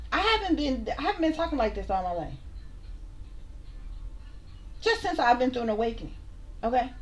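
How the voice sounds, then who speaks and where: Blunt, profane woman ranting to viewers. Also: high-pitched. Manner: blunt, profane, sassy, repeats herself. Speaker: channel host, spiritual reader. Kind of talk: heated casual rant to camera.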